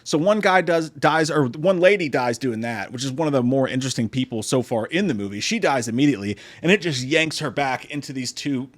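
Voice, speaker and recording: A man's voice: mid-range voice, lively intonation, brisk, few pauses. A man giving a casual comedic film review, sarcastic and profane, who often slips into mocking impressions. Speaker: movie review host.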